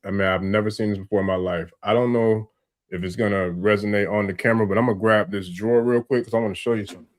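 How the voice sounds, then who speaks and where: A man hosting a livestream on a video call, relaxed, chatting in rambling asides. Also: on the low side, fast talker. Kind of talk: casual livestream conversation.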